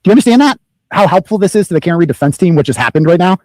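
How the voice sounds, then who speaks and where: A man hosting a recorded phone call, staying calm and wry while he keeps pressing the same questions. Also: sits high, very fast, dry recording. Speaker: blogger and show host.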